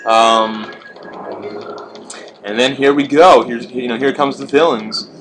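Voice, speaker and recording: A man's voice: mid-range voice, steady tone, slow, fairly bright tone, slight background noise. A man narrating a video game walkthrough in a casual, rambling, profane way. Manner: profane, rambling, laid-back. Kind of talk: casual gameplay commentary. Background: game music.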